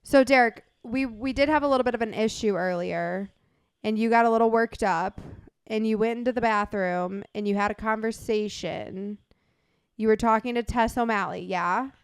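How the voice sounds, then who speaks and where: A young woman co-hosting a casual chat, telling stories in an animated way and laughing often. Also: a little high, moderate pace, smooth, no echo, studio quality. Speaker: podcast co-host.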